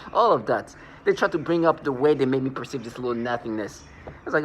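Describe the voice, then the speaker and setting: A man's voice: medium pitch, a little fast, slight background noise. A man rambling through a scornful personal monologue, restarting and repeating words as he goes. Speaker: vlogger.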